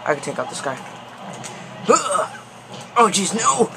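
Excitable young man, panicky game commentary. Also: high voice, measured pace, creaky. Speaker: gaming video host. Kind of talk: gameplay commentary. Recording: noisy background.

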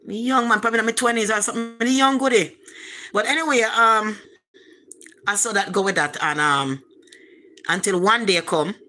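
A woman with a Jamaican accent tells a long personal story in loose, rambling patois. Her tone is bright and sharp, and she repeats words for emphasis. Her pitch sits at a middling level. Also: moderate pace, long pauses. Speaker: vlogger.

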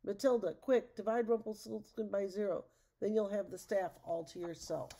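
A woman's voice: fairly low pitch, fairly even intonation, moderate pace, warm tone. A woman voicing an earnest young prince. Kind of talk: storybook read-aloud.

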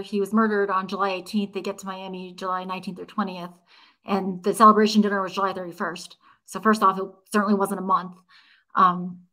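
A woman giving legal commentary as a panel guest, laying out her points briskly one by one. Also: mid-range voice, sharp tone.

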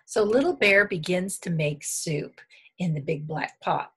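A woman reading a picture book aloud, pausing to point out the pictures, animated. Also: lowish voice, slight background noise. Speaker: reader.

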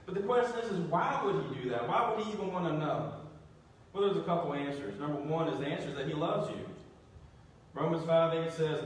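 A man's voice: on the high side, animated, brisk. A man preaching a sermon as pastor, talking in a conversational way, asking the congregation questions and restarting with repeated words. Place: church sanctuary. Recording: echoey church, distant mic.

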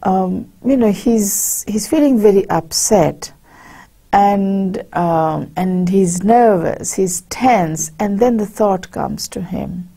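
A woman giving a university literature lecture, reading passages aloud and explaining them in a slow, hesitant way with many fillers. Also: medium pitch, mellow, breathy edge.

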